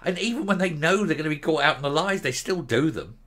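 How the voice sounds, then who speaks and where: A man's voice: on the high side, expressive, fast, fairly bright tone. A middle-aged man hosting a political commentary show, ranting in a sarcastic, mocking, scornful way.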